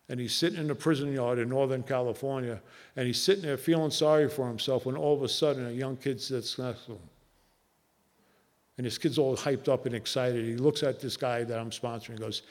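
A man with a New Jersey accent speaking at a recovery meeting, telling a personal story earnestly and haltingly, with many fillers. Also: mid-range voice, steady tone. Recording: long hall reverb.

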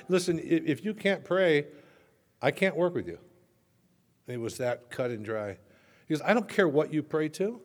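A man's voice: sits high, darkish tone. A man sharing his recovery story at a meeting, conversational with self-mocking humor. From Southern California. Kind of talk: personal testimony talk. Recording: long reverb in a hall.

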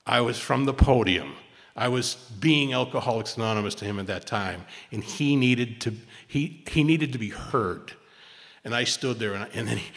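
A man telling his personal recovery story to a meeting, animated and then hushed, with many restarts and repeated words. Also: medium pitch. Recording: long hall reverb.

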